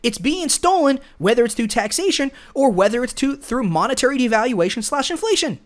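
A man's voice: extremely high pitch, big pitch swings, fairly quick. Blunt lecturing male podcast host. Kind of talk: solo opinion monologue.

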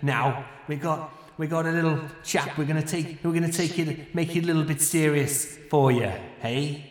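A man's voice: a little high, steady tone, normal speed, voice pushed up, close to an everyday voice. A man voicing a cocky male rock band frontman who talks to the crowd in a swaggering, chummy way. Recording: echoey room with long reverb.

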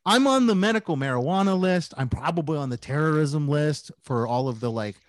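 A man's voice: a little high, a little fast, no echo, clean studio sound. A man on a podcast telling a story in casual chat, rambling and profane with a self-mocking edge. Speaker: podcast co-host.

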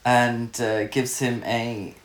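A man co-hosting a relaxed chat about a film, laughing often, swearing freely and sometimes mimicking characters. His voice sits at an ordinary pitch. The room around him is echoey. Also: slow. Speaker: film review podcast co-host. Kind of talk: casual chat.

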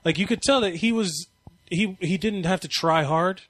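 A man's voice: high voice, normal speed, fairly bright tone, no room sound. A man chatting casually on a podcast, rambling and swearing, acting out quoted lines as he tells stories.

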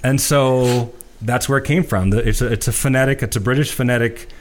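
A man's voice: mid-range voice, steady tone, a little fast, slight background noise. A middle-aged man co-hosting a casual music chat, telling stories with lots of restarts and fillers. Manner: chatty storyteller, many restarts and fillers. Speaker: podcast co-host.

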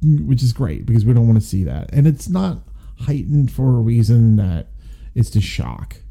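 A man's voice: medium pitch, sing-song, normal speed, gravelly, warm tone. A man co-hosting a podcast, talking through a movie review in a rambling, conversational way. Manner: rambling, conversational, many restarts. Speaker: podcast co-host. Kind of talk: casual movie review chat.

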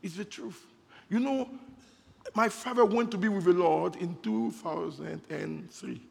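Pastor, high gravelly voice, energetic sermon delivery in a reverberant hall. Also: male voice, a little slow. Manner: preaching with rising bursts and laughter.

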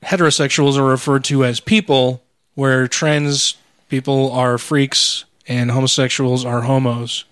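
A man co-hosting a podcast in a casual chat, trading wry and sarcastic remarks. His voice is mid-pitched and dry, with no room sound around it. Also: little pitch movement, measured pace, few pauses, fairly bright tone, dry recording. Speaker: podcast co-host.

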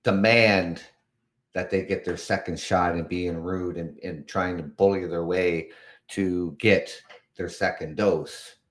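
A man's voice: low voice, fairly even intonation, takes it slowly, a bit bright. A man in his fifties from Canada, hosting a casual live podcast, often chuckling and sounding exasperated, rambling with restarts. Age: 50s. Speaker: podcast host. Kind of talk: casual live-show talk.

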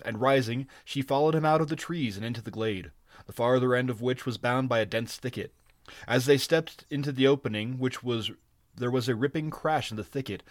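A man reading a story aloud at an even pace, sometimes stumbling and restarting a word. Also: medium pitch, no echo, clean studio sound. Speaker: reader. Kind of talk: audiobook reading, amateur.

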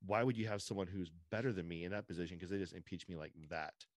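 A man's voice: low voice, quick pace, dry recording, clean studio sound. A man hosting a podcast in casual chat, opinionated and rambling, restarting his sentences often. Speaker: podcast host.

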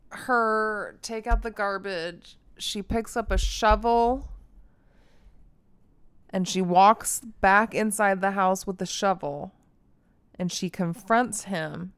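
A woman casually recapping a movie plot in animated detail, swearing freely and acting out the characters' lines. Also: medium pitch, smooth, dry recording. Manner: animated storytelling, frequent swearing, acts out quotes. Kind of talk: casual chat.

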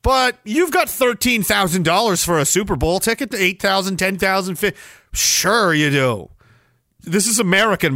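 A man's voice: high voice, sharp tone, no echo, studio quality. A man, ranting sarcastically and profanely on his livestream, rambling from one complaint to the next. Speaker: livestream host.

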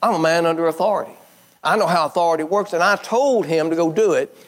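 A man delivers a sermon at a quick pace, folksy and chatty, citing scripture. His delivery alternates between high emphatic bursts and quiet low dips.

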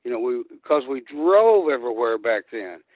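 A man's voice: mid-range voice, normal speed, no echo. An older man, a retired wrestler telling rambling stories and acting out quotes. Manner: rambling, animated storyteller who acts out quotes. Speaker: guest, retired pro wrestler. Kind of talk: casual storytelling. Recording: tinny dry phone line.

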